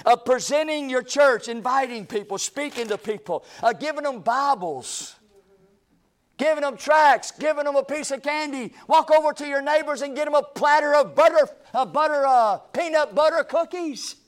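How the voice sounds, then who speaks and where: Male pastor, high-pitched, chatty, emphatic preaching. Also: normal speed. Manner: folksy, conversational preaching with rising emphatic runs. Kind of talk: sermon.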